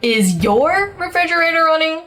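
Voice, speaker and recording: A performer voicing a puzzled woman who gives flat, unimpressed replies to a prank caller in a cartoon. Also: high voice, takes it slowly, over music, voice pushed down. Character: puzzled woman answering a phone call.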